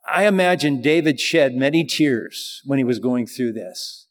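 A man preaching a sermon in a conversational way, slowing down to read scripture aloud. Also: medium pitch, animated. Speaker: pastor.

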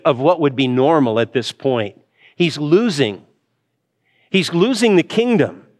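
A man preaching a Bible sermon in an earnest way, repeating and restarting phrases and lifting his voice for emphasis. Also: high voice.

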